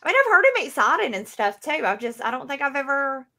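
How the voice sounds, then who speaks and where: A woman chats playfully as a guest on a live stream. Her voice is bright and sits fairly high, with a lively, swooping pitch. She laughs along easily. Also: fairly quick. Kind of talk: casual chat.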